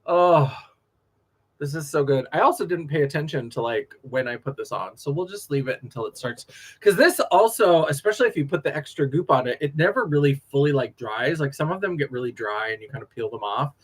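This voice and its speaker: A man, a drag performer, chatting casually on a late-night livestream, animated, laughing often and drifting from story to story. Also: on the high side, a little fast, slightly rough.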